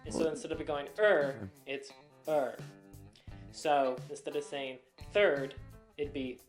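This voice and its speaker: A man's voice: a little high, flat delivery, fairly quick, a little mellow. A man giving an upbeat accent lesson in an online video, played back over speakers. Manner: upbeat, explanatory. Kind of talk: instructional video. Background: faint music.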